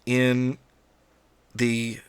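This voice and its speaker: A man's voice: medium pitch, monotone, drawn-out words, clear, resonant tone. A middle-aged American man hosting a casual monologue vlog, ranting bluntly with some swearing. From United States. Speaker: YouTube channel host.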